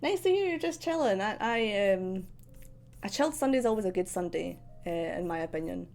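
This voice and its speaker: Chatty woman with a soft Scottish accent. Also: mid-range voice, lively intonation, moderate pace, creaky. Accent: central Scottish, softened posh. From Scotland. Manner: rambling, many ums and likes, laughs often. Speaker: streamer. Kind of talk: casual chat while drawing.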